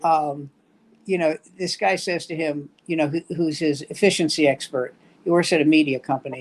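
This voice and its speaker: A man's voice: fairly high pitch, moderate pace. An older man hosting a casual comedy talk show, retelling film scenes and acting out the dialogue with energy. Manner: animated storyteller acting out quoted dialogue. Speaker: host.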